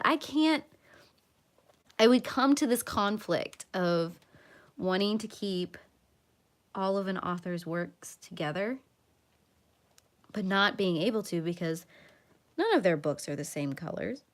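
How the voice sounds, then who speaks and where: A young woman talks casually to her livestream viewers while she colors. She rambles, repeats herself and pokes fun at her own habits. Her pitch sits in the middle for a woman. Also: animated, a little slow, pauses often. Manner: chatty, self-mocking, rambling with repeats. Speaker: livestream host.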